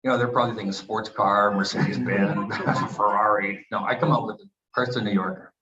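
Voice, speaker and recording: A man in his sixties from Canada, a retired hockey player telling animated stories at a book event and acting out the quotes. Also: on the low side, fairly quick, a crowd in the background. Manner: animated anecdotes with acted quotes. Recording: echoey, dull room recording.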